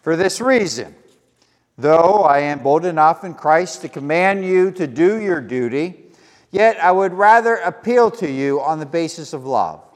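A fairly high-voiced man gives a sermon in a church, leading a prayer and reading scripture. He stutters now and then and slips in casual, self-deprecating asides. His voice rings out with a long reverb through the sanctuary. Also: lively intonation, measured pace. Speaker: pastor.

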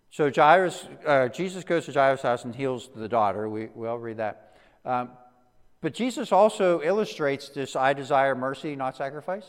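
A man giving a conversational sermon as a pastor, often restarting words and dropping to a soft, slow hush for emphasis. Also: on the high side, big-room sound. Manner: conversational, with frequent restarts and stammered repeats.

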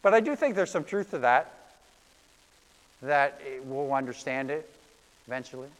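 A man's voice: mid-range voice, animated, moderate pace, big-room sound, low-quality recording. A man preaching a sermon, earnest and storytelling, with self-deprecating asides. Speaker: pastor.

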